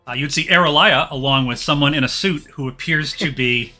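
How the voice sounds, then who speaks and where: Male game master, hesitant with fillers, very bright voice, faint background music. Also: a little high, brisk. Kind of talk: narrating a tabletop game.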